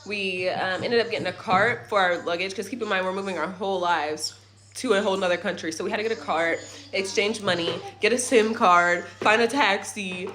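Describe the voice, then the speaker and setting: A young woman telling a rambling, animated story about her family's trip in a casual vlog at home, with swearing and side remarks. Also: mid-range voice, brisk. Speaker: family vlogger. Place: at home in a rental apartment.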